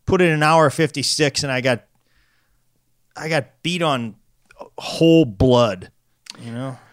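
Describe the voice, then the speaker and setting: A laid-back man chatting casually as a podcast co-host, with a smooth, resonant voice. He mostly offers short friendly reactions and easy remarks, recorded dry and close. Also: medium pitch, a little slow, no echo. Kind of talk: casual chat about crossword puzzles.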